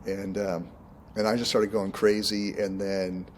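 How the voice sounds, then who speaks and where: A man from Oregon, a minister and contractor, chatting casually as a guest in an interview, relaxed and rambling, often laughing. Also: on the low side, measured pace, a little hiss or hum. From Oregon, United States.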